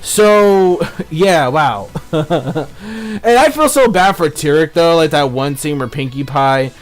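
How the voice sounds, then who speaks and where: Excitable rambling young man reviewing cartoons. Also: on the high side, slow pace, faint music behind. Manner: excitable, rambling, lots of fillers, swears freely. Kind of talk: casual spoken review.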